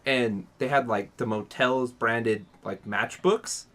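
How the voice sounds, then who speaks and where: A young man telling a long story on a podcast, rambling with restarts and acting out what others said. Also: takes it slowly. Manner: animated, acts out quotes in a higher voice; rambling with many restarts and fillers. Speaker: podcast co-host. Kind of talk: casual storytelling.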